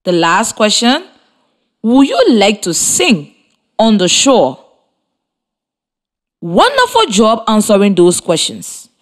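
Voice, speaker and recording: A woman from Liberia leads a radio lesson for young children, speaking slowly and spelling out each step. Her pitch moves a lot, rising and falling in a sing-song way. She talks in an encouraging, clearly articulated classroom manner. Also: huge pitch swings. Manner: slow, clearly articulated, encouraging teacher talk. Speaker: radio teacher. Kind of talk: slow scripted classroom instruction. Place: radio studio with students present.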